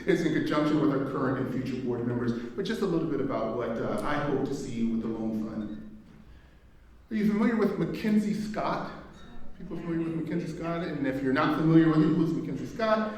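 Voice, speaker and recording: A man's voice: on the high side, lively intonation, brisk, darkish tone. A man from Indiana giving a keynote speech as executive director, conversational and humorous, telling personal stories and asking the audience questions. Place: event hall. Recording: echoey hall, mic far off.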